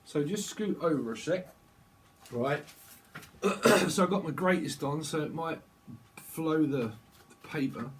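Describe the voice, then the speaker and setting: A man's voice: on the high side, expressive, measured pace, slight background noise. Rambling man reading tarot. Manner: rambling, playful word association with frequent laughs. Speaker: tarot reader. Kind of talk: casual psychic channeling monologue.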